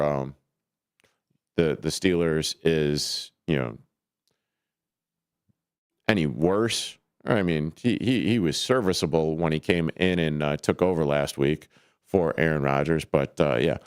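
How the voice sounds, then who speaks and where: A man's voice: deep voice, clear, resonant tone, no echo. A man hosting a casual sports talk radio show from a studio, talking in a loose, rambling way with plenty of fillers and restarts. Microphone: studio microphone.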